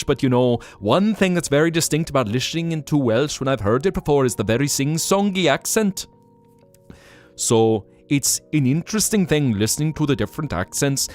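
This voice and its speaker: A man streaming live, chatting casually in a rambling, animated way, often laughing and thanking viewers. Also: mid-range voice.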